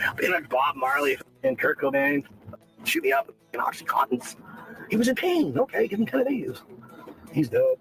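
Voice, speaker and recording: A man's voice: mid-range voice, rough recording. A man talking nonstop in the back of a police car, profane and jumping from topic to topic. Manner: talkative, profane, jumps between topics, acts out quoted voices. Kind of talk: nonstop rambling chatter.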